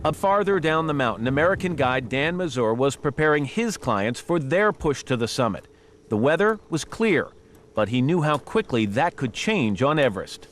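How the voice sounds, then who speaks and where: A man's voice: fairly high pitch, very animated, normal speed, a little hiss or hum. Grave male documentary narrator. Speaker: news narrator. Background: music.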